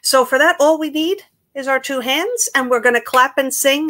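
A woman's voice: sits high, moderate pace, fairly bright tone, slight background noise. A woman, a children's librarian from Queens leading an upbeat, sing-song story time with songs. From Queens, New York.

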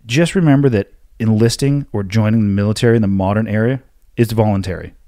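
A man hosting a solo podcast, answering listener questions in a blunt, forceful, lecturing way. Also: on the low side, fast, no echo, clean studio sound. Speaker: podcast host.

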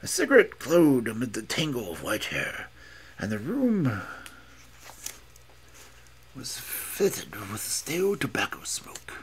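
A man's voice: mid-range voice, huge pitch swings, slow pace, long pauses, a little hiss or hum. A man reading a classic story aloud with dramatic, emphatic narration. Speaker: audiobook reader.

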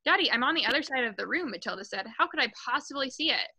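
A woman with a very bright, fairly high voice reads a children's novel aloud to a book club. She reads in a casual, unpolished way, trips over words and corrects herself, and lifts her voice when the characters speak. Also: animated, fast, rough recording. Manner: casual reading with restarts and self-corrections; raises her voice for quoted lines.

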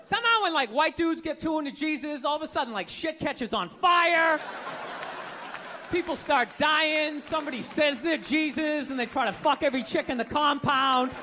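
A man's voice: very high-pitched, normal speed, bright, forceful tone, a little hiss or hum. A man doing stand-up comedy, ranting in a profane, incredulous way before a live audience. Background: audience laughter.

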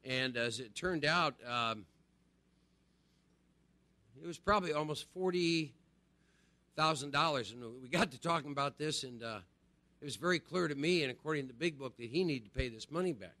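A man's voice: mid-range voice, normal speed, pauses often, pushed and bright, dry recording. A middle-aged man gives a conversational spiritual recovery talk to a group, often checking in with "right?". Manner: conversational, repeats phrases and asks "right?". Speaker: recovery speaker.

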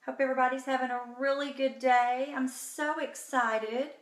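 A woman's voice: sits high, steady tone, normal speed, roomy sound. A woman hosting a casual live makeup tutorial from home, chatty and bubbly, talking to viewers by name. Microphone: phone.

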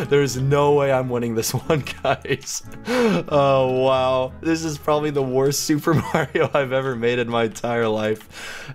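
A man talks through his game as he plays, chatty and easily amused, laughing at his own efforts. His pitch sits in an ordinary middle range. Faint music and keyboard typing run behind him. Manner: giggly, self-mocking, chatty. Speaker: gaming YouTuber. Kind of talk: casual gameplay commentary.

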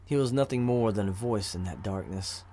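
Low-voiced man reading a fantasy story. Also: normal speed, dark tone, a little hiss or hum. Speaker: narrator. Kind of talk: audiobook narration of fantasy fiction.

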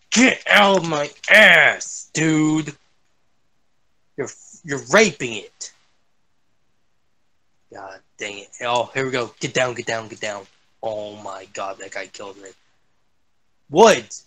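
Young male streamer, raging gameplay rant, higher voice that jumps all over, slow delivery. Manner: swearing, yelling at the game. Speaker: gaming streamer. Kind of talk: angry gameplay commentary.

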